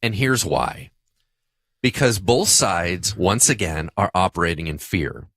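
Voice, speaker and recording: Animated pastor with a bright voice. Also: male voice, low voice, unhurried, breathy edge, no echo. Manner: animated, self-deprecating storytelling. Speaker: pastor, podcast co-host. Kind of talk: casual podcast discussion.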